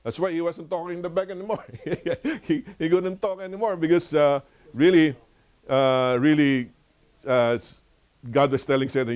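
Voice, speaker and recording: An older man with a Filipino accent leading a church Bible lesson, telling stories with lively, preacherly repetition. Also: fairly high pitch, moderate pace, clear, resonant tone. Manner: animated storytelling, laughs often. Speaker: Bible study teacher.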